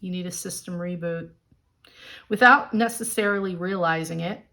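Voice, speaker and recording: A woman's voice: lowish voice, normal speed, sharp tone. Upbeat woman giving a tarot reading. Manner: upbeat and encouraging, addresses viewers directly. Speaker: tarot reader.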